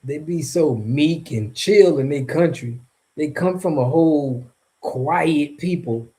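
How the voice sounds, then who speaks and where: A man's voice: fairly high pitch, takes it slowly, warm tone. A man from Florida giving casual, rambling commentary in a vlog, heavy on slang and chuckling between points. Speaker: vlogger.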